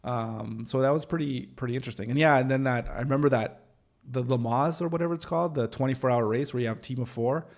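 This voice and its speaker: Man, livestream host, casual rambling chat, gravelly voice, self-deprecating jokes, lots of fillers. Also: mid-range voice, quick pace. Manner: rambling, full of fillers and restarts.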